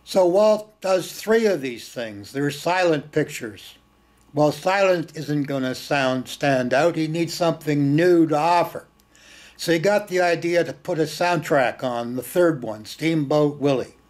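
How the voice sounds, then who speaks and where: A man's voice: fairly high pitch, a little slow, darkish tone. A man hosting film screenings tells stories informally and with animation, repeating words for emphasis and slipping in blunt, earthy remarks. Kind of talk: informal storytelling talk.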